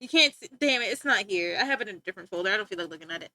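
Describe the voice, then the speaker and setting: A woman's voice: medium pitch, animated, rapid-fire, pushed and bright. A woman live-streaming, chatting casually and teasing her viewers, rambling and often breaking off to giggle. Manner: joking, teasing banter with chat. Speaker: livestreamer.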